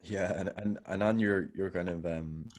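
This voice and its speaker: A man's voice: deep voice, fairly even intonation, normal speed, darkish tone. A man co-hosting a podcast in casual chat, rambling with many restarts and frequent laughs. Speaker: podcast co-host.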